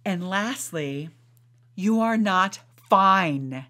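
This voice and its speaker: A woman who hosts a podcast, guiding a slow, soothing meditation and then coaching her listeners with emphatic encouragement. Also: medium pitch, animated, bright, forceful tone. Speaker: podcast host and life coach. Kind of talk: guided meditation and coaching talk.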